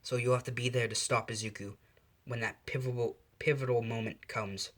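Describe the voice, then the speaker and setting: A man voicing a male angel father who gives long, grave warnings in a low, quiet voice, in a fan storytelling video. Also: fairly even intonation, normal speed, lightly acted.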